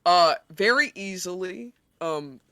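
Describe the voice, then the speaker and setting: A woman's voice: fairly low pitch, animated, slow pace, sharp tone, no room sound, studio quality. A woman narrating as game master in a tabletop game, chatty and full of fillers.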